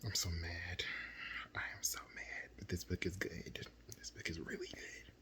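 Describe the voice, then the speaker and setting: Low-voiced male book reviewer, breathy late-night whisper, exasperated and repetitive. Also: little pitch movement, normal speed, pushed and bright, low-quality recording. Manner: whispering, repeating himself in exasperation.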